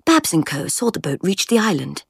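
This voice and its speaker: A woman narrating a story aloud in a lively, expressive manner. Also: lowish voice, normal speed, gravelly, husky, no echo, studio quality. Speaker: audiobook reader.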